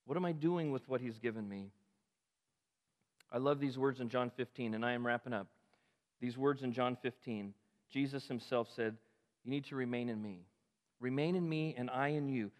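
A man preaching a sermon as pastor, impassioned, climbing to emphatic peaks and falling to quiet asides. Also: medium pitch, brisk, pauses often, in a large hall. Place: church sanctuary.

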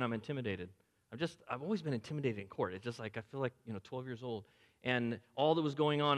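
An older man preaching a sermon as pastor, swinging between loud urgent lines and hushed, near-whispered quotes. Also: medium pitch. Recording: long hall reverb.

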